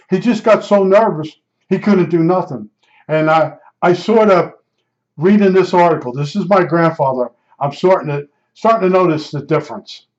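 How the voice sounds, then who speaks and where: A man's voice: a little high, a little mellow. Rambling older man telling family stories. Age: 70s. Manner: rambling, digressive, many asides. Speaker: vlogger. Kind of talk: casual personal storytelling. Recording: dull lo-fi recording.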